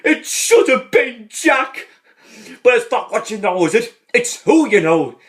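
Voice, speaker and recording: A man voicing a grieving male priest who wails in a shrill, sobbing voice, far above his own. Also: animated, normal speed. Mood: wailing grief.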